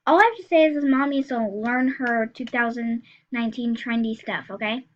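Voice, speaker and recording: Chatty teen girl with a high voice. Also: normal speed. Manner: chatty, rambling, with many fillers and restarts. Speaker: YouTuber. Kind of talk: casual reaction vlog, reading texts aloud. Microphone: screen recorder, built-in mic. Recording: slightly dull lo-fi sound.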